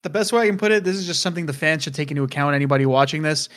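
A man with a notably high voice co-hosts a casual esports podcast. He makes emphatic, preachy points and swears for emphasis. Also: rapid-fire, a bit bright. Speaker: podcast co-host.

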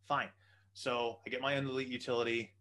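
A man telling a long story in a casual, animated way and swearing freely. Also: mid-range voice, fairly quick.

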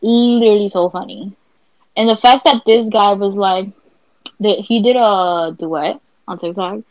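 A woman co-hosting a podcast, telling stories in a blunt, profane, animated way. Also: medium pitch, unhurried, dry recording, lo-fi sound. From Latina. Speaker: podcast co-host. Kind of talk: casual chat.

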